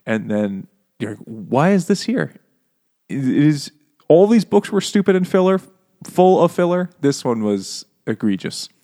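A man's voice: a little high, normal speed. Crude, jokey podcast man. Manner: crude jokey riffing, acts out silly quotes in animated voices. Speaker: podcast co-host. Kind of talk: casual comedic book discussion.

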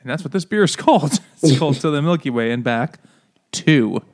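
A man's voice: fairly high pitch, lively intonation, fairly quick, slight background noise. Joking, profane podcast co-host man. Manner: joking, profane, laughs often. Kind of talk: casual chat over beers.

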